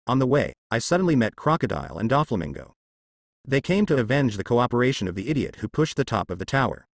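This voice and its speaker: A man narrating a translated fan-fiction story at a steady, even reading pace. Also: medium pitch, no room sound, studio quality.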